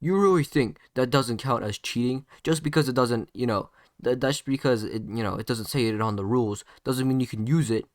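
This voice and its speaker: A man voicing a hot-headed teenage boy who yells indignantly at his rival. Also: fairly low pitch, little pitch movement, moderate pace, hardly any pauses, clear, resonant tone, dry recording, clean studio sound, close to an everyday voice. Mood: angry yelling. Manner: yelling, indignant.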